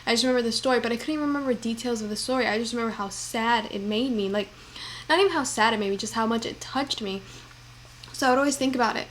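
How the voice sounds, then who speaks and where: Young woman, casual vlog chat, rambling and heartfelt, slightly high pitch, faint background hiss. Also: quick pace, a bit bright. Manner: rambling and heartfelt, filler-heavy. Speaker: vlogger. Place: home kitchen.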